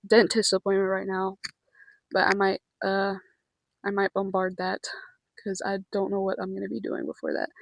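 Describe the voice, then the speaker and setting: A woman's voice: mid-range voice, no echo, rough recording. A young woman chatting casually in a vlog, nervous and rambling, with casual swearing. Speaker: vlogger.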